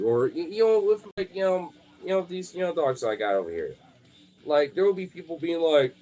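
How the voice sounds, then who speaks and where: A man's voice: a little high, big pitch swings, fairly quick, dark tone, faint music behind. A young man chatting casually on a live stream, rambling with lots of fillers, frequent swearing and laughter.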